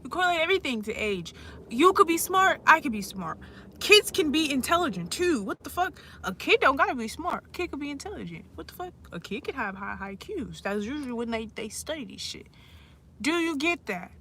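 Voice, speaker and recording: A young woman with a fairly high voice vents straight into her phone in a blunt, profane, exasperated rant. Steady background noise hangs under the phone audio as she walks about. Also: a little fast. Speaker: vlogger. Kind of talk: casual rant to camera. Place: walking around outdoors and indoors with a phone.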